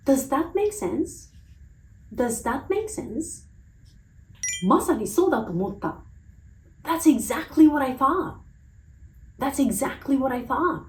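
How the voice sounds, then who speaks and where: A woman English teacher reads through a phrase lesson, giving each phrase in Japanese and then twice in English, slowly and with careful, clear pronunciation. Her voice is high and a little mellow, and the recording is rough with slight background noise.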